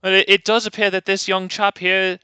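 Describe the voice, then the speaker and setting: Man doing a smug posh british snob, put-on british accent, pitched way up, haughty and mock-polite, bright tone. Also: little pitch movement, fairly quick, clear, resonant tone, no room sound. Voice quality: high, haughty, mock-courteous. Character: smug posh British male control player.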